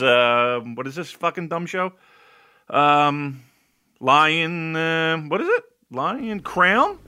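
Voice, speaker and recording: A man chatting loosely on a podcast, with a bright, forward voice. His pitch jumps around a lot as he jokes. He swears casually and breaks into laughter often. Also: animated, slow pace, smooth. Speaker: podcast host. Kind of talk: casual chat.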